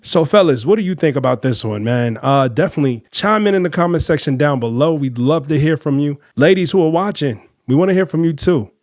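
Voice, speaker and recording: A man's voice: on the high side, animated, fairly quick, few pauses, no room sound, studio quality. A man hosting a podcast who comments on clips and speaks straight to viewers. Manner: direct, addresses viewers as fellas and ladies. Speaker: podcast host.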